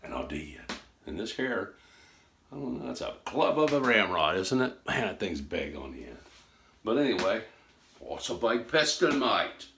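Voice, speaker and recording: A man's voice: fairly low pitch, very animated, normal speed, vocal fry, fairly bright tone, slight background noise. A man chatting casually as he unboxes on a phone, folksy and rambling, with many fillers and restarts. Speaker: gun hobby vlogger.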